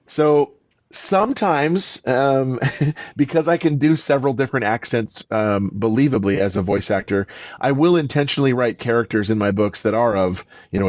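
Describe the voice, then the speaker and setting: A man's voice: lowish voice, no echo. A man who is an author and voice actor, telling stories emphatically as a podcast interview guest.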